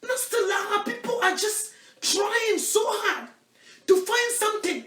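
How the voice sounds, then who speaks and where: Expressive and unhurried, a woman evangelist from Ghana with a Ghanaian accent preaches in her own recording, her emphatic delivery rising to loud declarations and dropping to low asides. The mic is distant and the sound roomy.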